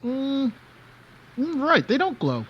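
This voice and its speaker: A woman's voice: sits high, wildly swooping pitch, slow, slight background noise. A woman takes part in a tabletop game, teasing in a childlike way in character. Her voice swoops up and down, and it comes through a dull, lo-fi mic. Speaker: player. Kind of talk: in-character roleplay and table talk.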